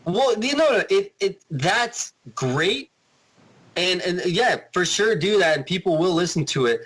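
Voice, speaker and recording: A man guesting on a podcast, with a slightly higher voice than most men. He rambles in animated bursts and restarts his sentences often. He keeps it casual and chatty throughout. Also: measured pace, breathy edge, low-quality recording.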